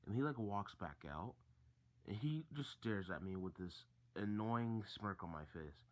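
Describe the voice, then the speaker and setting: A man's voice: lowish voice, expressive, measured pace. A teenage boy telling a story from school in a casual, rambling way, full of fillers and restarts. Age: teens.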